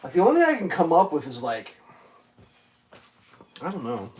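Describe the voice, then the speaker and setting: A slightly rough, mid-range voice moves at a moderate pace. On a live stream, the speaker rants profanely and rambles through traffic stories, saying "like" constantly and bursting loudly into impressions of other drivers with animated energy.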